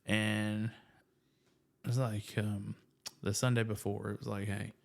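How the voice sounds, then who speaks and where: A man shares his faith story with friends in casual storytelling. His delivery is animated and self-deprecating, and he leans heavily on fillers as he talks. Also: on the low side, unhurried, creaky. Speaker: guest sharing testimony.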